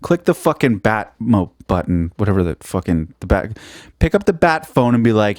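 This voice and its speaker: A man's voice: on the low side, very animated, normal speed, darkish tone, no echo, studio quality. Sweary man rambling on a solo podcast. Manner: sweary, self-mocking, jumps between topics. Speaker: podcast host.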